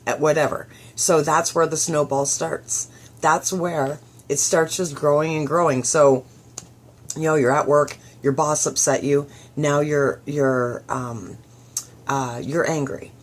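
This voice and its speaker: A middle-aged woman from southwestern Ontario, Canada, hosts a motivational radio show, chatty and upbeat as she acts out the thoughts she quotes. Her voice is low-pitched with fairly even intonation, and she takes it slowly.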